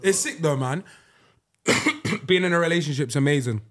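A man's voice: a little high, normal speed, a bit bright. A man co-hosting a studio podcast, chatting casually in an earnest, slangy way, often repeating himself. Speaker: podcast co-host. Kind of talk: casual chat.

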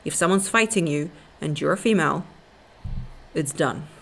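A woman's voice: low-pitched, normal speed, vocal fry, a bit bright. A young woman hosting a podcast, giving blunt, sassy relationship advice and calling listeners honey and baby. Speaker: podcast host. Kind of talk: casual advice monologue.

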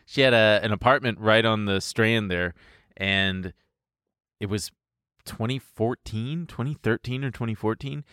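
Smooth-voiced man telling a lively story. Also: on the low side, measured pace, no room sound, clean studio sound. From United States. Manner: animated, acts out voices in his stories, laughs often. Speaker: podcast co-host. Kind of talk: casual storytelling chat.

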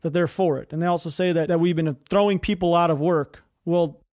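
A man's voice: on the high side, steady tone, darkish tone, dry recording, clean studio sound. A man hosting a podcast, ranting heatedly about politics with a lot of swearing. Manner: heated, profane, fast-talking. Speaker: podcast host.

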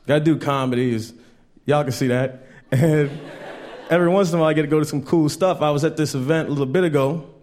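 A man performing a stand-up comedy set on stage, telling stories and mimicking people in animated voices. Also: fairly high pitch, fast.

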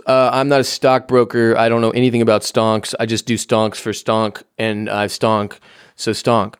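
A podcast host alone in his home office closes out his show casually, rambling with jokes and lots of swearing. His voice is mid-range, clear, and resonant at a normal speed, recorded dry in clean studio sound.

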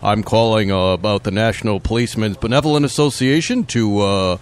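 A scam caller posing as a police officer, voiced by a man. He drops into a lower, stiff and officious tone, stumbling over his pitch. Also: fairly quick, close to an everyday voice. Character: smooth male scam caller posing as a cop.

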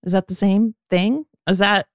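A woman co-hosting a podcast, upbeat and casual, tossing in quick agreements and asides. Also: mid-range voice, no echo, studio quality. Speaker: podcast co-host. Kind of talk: casual chat.

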